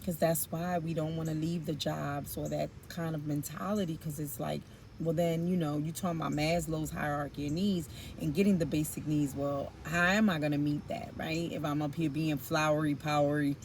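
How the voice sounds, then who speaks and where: Gravelly-voiced woman doing a rambling tarot reading, slangy, lots of um and you know. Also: deep voice, steady tone, normal speed, slight background noise. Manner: rambling, musing aloud with frequent laughs and fillers; informal street slang. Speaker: tarot reader.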